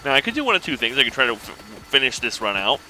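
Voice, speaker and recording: A man casually commenting on his own gameplay, thinking aloud in a relaxed, rambling way. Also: mid-range voice, very fast, a little hiss or hum, poor audio. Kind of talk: casual let's-play commentary.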